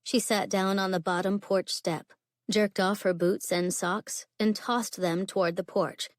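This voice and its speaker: A woman reads a contemporary romance novel aloud in a steady, even storytelling voice. Her pitch is average for a woman, and the recording is close and dry. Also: measured pace, dry recording. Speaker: audiobook narrator. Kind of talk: scripted narration.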